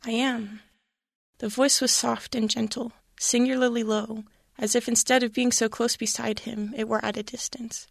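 A woman reading a classic story aloud in an expressive, dramatic way. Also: fairly high pitch, normal speed, creaky, hardly any pauses, no room sound.

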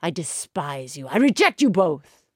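A man's voice: on the high side, very animated, unhurried, fairly bright tone, no room sound, studio quality, heavily acted. A woman storyteller voicing a proud, fierce young hedgehog-man hero who declaims his demands. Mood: scornful. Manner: declaiming, scornful.

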